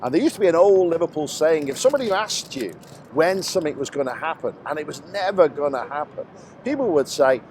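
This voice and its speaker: A man's voice: fairly high pitch, lively intonation, brisk, a little mellow, slight background noise. Polite man guiding a city tour. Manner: polite, patient, informative. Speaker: tour guide. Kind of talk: comedy sketch acting. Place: outdoors on a city street.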